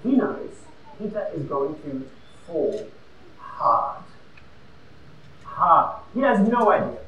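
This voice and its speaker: A man preaching a sermon, emphatic and conversational, swinging between loud and quiet. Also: fairly high pitch, very animated, moderate pace, slight background noise. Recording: roomy and distant with faint ambience.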